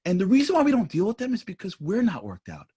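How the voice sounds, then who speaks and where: A man speaking at a panel discussion, talking emphatically and shifting between intense points and soft asides. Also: sits high, wildly swooping pitch, quick pace, breathy edge. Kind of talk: impassioned panel talk.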